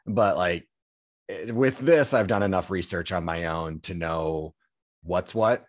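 A man's voice: deep voice, normal speed, no room sound, clean studio sound. A man hosting a podcast in casual conversation, easygoing and earnest, with many fillers like "um" and "like". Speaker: podcast host.

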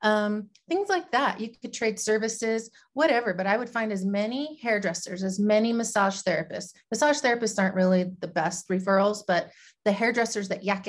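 A woman's voice: mid-range voice, moderate pace. Matter-of-fact woman business guest. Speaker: guest, small business owner. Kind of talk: casual conversational interview.

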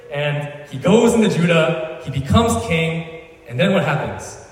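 Slangy preacher in an echoey hall. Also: male voice, fairly high pitch, sing-song, moderate pace, recorded from a distance. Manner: chatty, slangy, storytelling with asides. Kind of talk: casual sermon.

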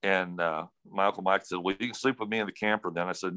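A man's voice: sits low, steady tone, quick pace, pushed and bright, no room sound. A middle-aged man telling a rambling, folksy family story in casual talk, acting out the dialogue. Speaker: storyteller recounting family history.

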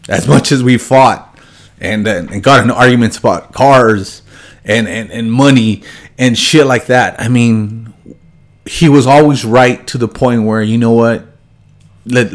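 A young man with a somewhat low voice talks haltingly, full of pauses and restarts. He is choked up and subdued, his voice sinking quieter on the hardest parts. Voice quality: halting, many fillers and restarts. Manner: subdued and heavy, voice dropping low when grieving. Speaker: car shop owner. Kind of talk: emotional personal remembrance to viewers.

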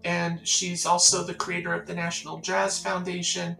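A woman's voice: on the low side, normal speed, gravelly, hardly any pauses, roomy sound, faint music behind, rough recording. A woman from the Catskills, a songwriter, telling stories in a casual interview and acting out the people in them. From Catskills, New York. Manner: animated storyteller acting out quoted voices. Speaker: songwriter guest.

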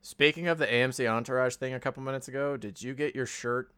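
A man's voice: mid-range voice, fairly even intonation, fast talker, bright, forceful tone, smooth, no echo. A man co-hosting a podcast, chatting casually and telling a long story with lots of ums and uhs. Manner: rambling storytelling with many fillers. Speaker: podcast co-host. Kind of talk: casual chat.

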